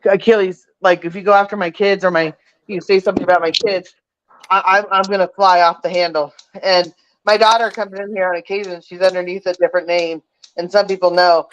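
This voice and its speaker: A woman's voice: fairly low pitch, fairly even intonation, a little fast, muffled recording. A woman guest telling her story in casual chat, rambling with many false starts.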